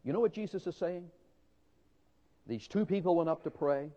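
A man's voice: on the high side, normal speed, mellow. A man preaching a sermon, emphatic and dramatic, asking rhetorical questions. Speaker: pastor. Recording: dull lo-fi recording with long hall reverb.

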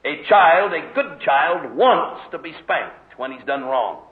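A man's voice: on the high side, slow pace. A man preaching a sermon, telling stories and acting out the voices in them. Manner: animated storytelling, acts out voices in quotes. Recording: phone-like lo-fi echoey hall recording. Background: congregation heard responding.

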